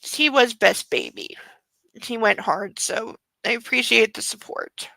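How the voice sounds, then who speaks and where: A bright, fairly high-voiced young woman hosting a book club, talking casually with sarcastic asides and lots of fillers. Her voice is close and dry. She reads passages aloud and then mocks them. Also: a little slow, gravelly, no echo, poor audio. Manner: chatty, mocking asides, many fillers. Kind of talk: sarcastic reading commentary.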